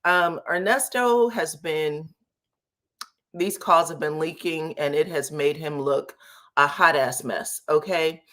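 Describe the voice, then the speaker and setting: A woman with a slightly low voice hosts a relaxed livestream chat. She greets viewers by name and says y'all in an easy, talkative way. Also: slow. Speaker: YouTube commentary host.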